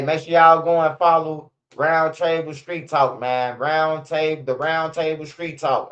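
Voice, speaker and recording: A man's voice: medium pitch, highs cut off. A man hosting a casual news livestream, rambling and profane with stammering restarts. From Chicago, USA. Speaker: street news livestream host.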